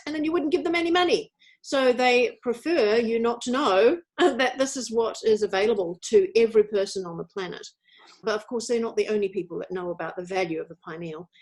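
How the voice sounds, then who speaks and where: Husky-voiced woman explaining earnestly. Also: medium pitch, a little mellow. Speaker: podcast co-host. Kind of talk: casual spiritual chat.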